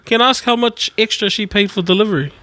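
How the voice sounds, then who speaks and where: A man's voice: high-pitched, sharp tone, no echo. A man co-hosting a podcast in casual chat, chiming in with short jokes and questions. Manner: quick joking interjections and short questions. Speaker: podcast co-host.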